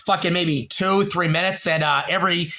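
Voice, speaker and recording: A man's voice: sits high, fairly even intonation, normal speed, bright, forceful tone. A young man hosting a livestream, telling a long story in a rambling, profane way with many fillers, and a little tipsy. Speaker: livestream host.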